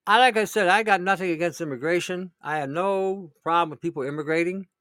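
A man's voice: high voice, fairly quick, fairly bright tone, no room sound, studio quality. A middle-aged man, ranting about politics in a sarcastic, indignant way, often laughing and repeating himself. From Canada. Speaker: vlogger. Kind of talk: political rant.

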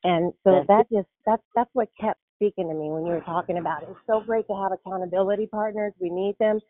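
A woman calls in to a prayer line, out of breath and eager, often searching for words as she talks. Her voice is at an ordinary pitch, heard dry through a narrow phone-like line. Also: fairly even intonation, fast talker, no echo. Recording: phone-line call audio.

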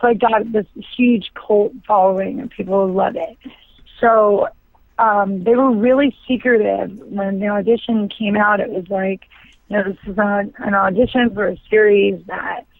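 A woman's voice: mid-range voice, fairly even intonation, measured pace, vocal fry, no room sound. A woman actor chatting as a guest, rambling with lots of fillers. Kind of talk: casual interview chat. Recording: tinny dry phone line.

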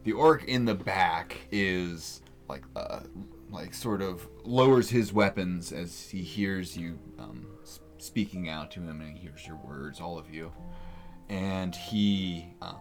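A man narrating a tabletop game as game master, relaxed and full of fillers. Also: deep voice, slow, faint music behind.

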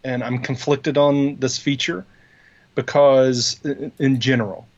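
A man's voice: mid-range voice, fairly even intonation, measured pace, muffled recording. A man co-hosting a podcast in casual tech chat, rambling and explaining with many fillers and restarts. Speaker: podcast co-host.

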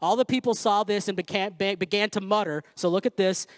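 High-voiced man preaching casually. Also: fairly quick, dry recording. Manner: conversational preaching with sung snippets and jokes. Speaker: pastor. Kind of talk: sermon. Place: church room.

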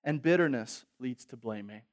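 A male pastor preaching a sermon with humor, moving between loud exhortation and quiet, reflective asides. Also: medium pitch, animated, normal speed.

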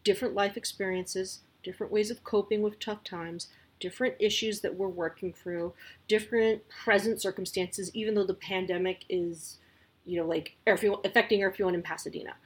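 Chatty breathy mom giving parenting advice. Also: female voice, medium pitch, fairly even intonation, brisk. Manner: chatty, lots of likes and you-knows. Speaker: parenting podcast host. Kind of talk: casual advice talk.

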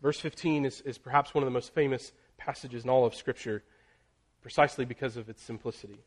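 A man preaching a sermon, building in intensity through emphatic lists and dropping to a near hush on key phrases. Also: medium pitch. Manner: slows and drops very soft on key phrases.

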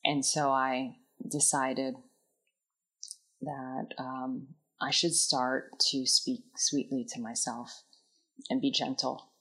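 Woman, low voice, unhurried, candid and introspective, drops soft at phrase ends. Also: flat delivery, breathy edge. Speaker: vlogger. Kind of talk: personal reflective storytelling.

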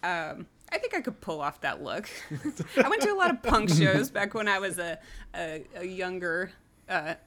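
A woman's voice: fairly low pitch, sing-song, normal speed, over a noisy crowd. Wry woman on a casual podcast. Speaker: podcast co-host.

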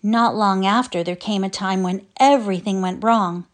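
A woman's voice: medium pitch, moderate pace, lightly acted. A woman voicing a dreamy young girl who loves telling stories in a readers' theatre piece. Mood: storytelling. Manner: dreamy, storytelling.

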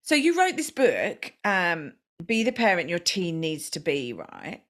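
A woman's voice: fairly low pitch, wildly swooping pitch, a little slow, a bit bright. A woman hosting a podcast, chatting casually with lots of ums and self-deprecating asides. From Australia. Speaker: podcast host. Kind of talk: casual interview chat.

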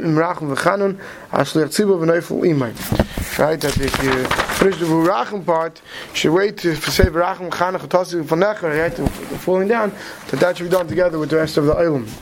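A man leads a study lecture, speaking quickly and often pausing to check in with his listeners. His voice sits fairly high. A light hiss runs under the recording. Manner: quick, mixes Hebrew terms into English, many "right?" checks. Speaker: Torah teacher.

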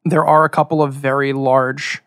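Gravelly, dry-sounding game master. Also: male voice, mid-range voice, level tone, normal speed, a bit bright, no echo. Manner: loose descriptive narration with many fillers. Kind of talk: narrating a tabletop game.

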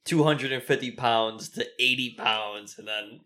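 A man's voice: medium pitch, a little slow, bright, forceful tone. A young man co-hosting a podcast, talking in a laid-back, slangy way. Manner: laid-back, slangy, says dude and bro. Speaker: podcast co-host. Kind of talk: casual chat.

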